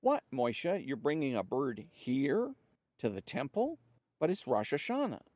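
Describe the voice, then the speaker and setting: A man's voice: on the high side, animated, quick pace, dark tone, no echo, lo-fi sound, voice pushed up. A man voicing a skeptical friend at the temple who scoffs in disbelief. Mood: incredulous. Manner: incredulous.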